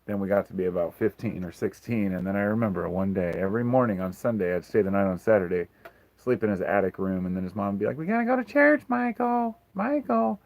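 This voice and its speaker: A man's voice: low-pitched, fairly even intonation, fast, a little mellow, poor audio. A man hosting a casual livestream Q&A, talking frankly and rambling, swearing freely. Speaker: livestream host.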